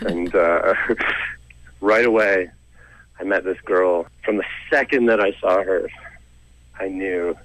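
A man's voice: low-pitched, no echo, low-quality recording. A young Canadian man, a comedian and storyteller, telling a self-deprecating story in a casual, rambling way with lots of "like" and "you know".

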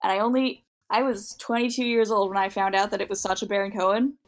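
A woman's voice: mid-range voice, fairly even intonation, fast talker. A young adult woman co-hosting a podcast, telling rambling stories full of fillers in casual chat. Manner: rambling, filler-heavy storytelling. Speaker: podcast co-host.

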